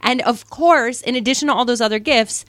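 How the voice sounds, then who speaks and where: A woman's voice: on the high side, a little fast, no room sound. A woman co-hosting a podcast, chatting casually and acting out quotes as she recaps a show. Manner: animated, acts out quotes as she retells. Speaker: podcast co-host.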